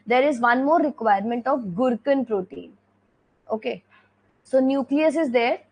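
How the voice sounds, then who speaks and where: Her voice is high-pitched and animated with a breathy edge, and she speaks a little slowly over poor audio. With an Indian English accent, she leads an exam revision lecture, going step by step, repeating the key points, and frequently asking "okay."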